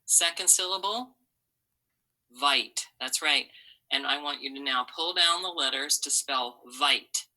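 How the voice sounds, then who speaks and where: A woman's voice: low voice, moderate pace, bright, forceful tone, poor audio. A woman teacher giving a patient, step-by-step phonics lesson, modeling sounds for students to repeat.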